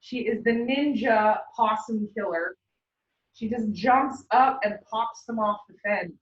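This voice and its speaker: A woman's voice: on the high side, a little slow. Chatty woman lecturing in an echoey classroom. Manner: chatty, laughs often, animated storytelling. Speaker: instructor. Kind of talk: classroom lecture with personal anecdotes. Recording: roomy, dull sound from a distant mic.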